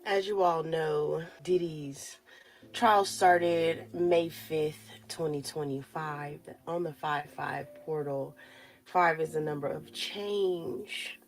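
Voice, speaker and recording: A commentator speaking in a measured, deliberate way about numerology. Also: medium pitch, a bit bright. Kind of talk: slow spoken commentary on numerology.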